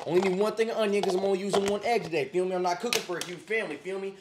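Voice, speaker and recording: A man's voice: sits high, steady tone, rapid-fire, few pauses. A young man doing a comic cooking video in his home kitchen, talking in a swaggering, slang-heavy, boastful way. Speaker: comedic cooking vlogger. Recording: echoey kitchen, faint noise.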